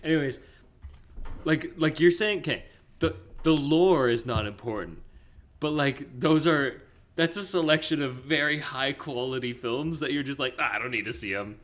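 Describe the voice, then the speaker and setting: A young man co-hosting a film podcast, chatting casually in a rambling, excited way full of fillers and restarts. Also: a little high, moderate pace. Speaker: podcast co-host.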